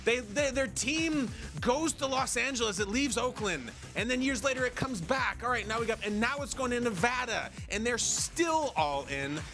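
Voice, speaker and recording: A man in his forties co-hosting a sports talk show, making his points with emphasis and slowing down to stress them. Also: very high-pitched, expressive, music in the background.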